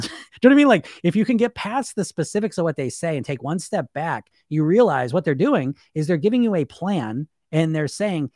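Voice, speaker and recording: A man's voice: a little high, very animated, quick pace, a little mellow, dry recording, clean studio sound. A man talking casually on a live stream as a weight loss coach, rambling and emphatic, laughing often and mimicking other voices mockingly.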